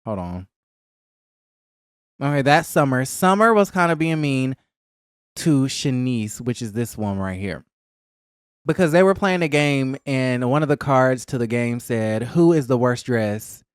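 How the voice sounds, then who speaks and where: A man's voice: unhurried, smooth, no echo, studio quality. Gossipy man recapping reality TV. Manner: gossipy and animated, acting out cast members in a higher voice. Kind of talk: casual chat.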